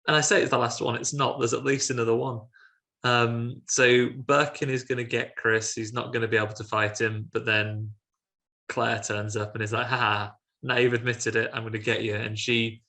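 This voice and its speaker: Gravelly man, chatty podcast host. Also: medium pitch, pushed and bright. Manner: chatty, sarcastic retelling. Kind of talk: casual film review chat.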